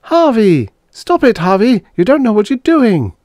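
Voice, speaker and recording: A man voicing a distraught young woman, high and strained, in an audiobook reading. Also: very animated, measured pace, darkish tone, no echo, clean studio sound. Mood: pleading.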